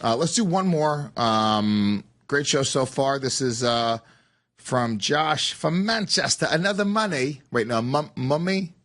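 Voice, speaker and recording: A man's voice: medium pitch, lively intonation, measured pace, fairly bright tone. A man co-hosting a podcast in loose, teasing casual chat with many fillers. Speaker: podcast co-host.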